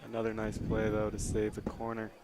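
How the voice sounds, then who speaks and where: A man giving dry, wry color commentary at an outdoor high school soccer game. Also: completely flat delivery, brisk, heavy background noise. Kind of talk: amateur sports commentary.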